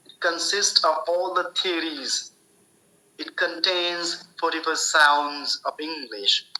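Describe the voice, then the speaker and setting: A man giving a spoken English lesson, explaining slowly and deliberately, often repeating and restarting his phrases. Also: a little high, sharp tone, rough recording. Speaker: English teacher.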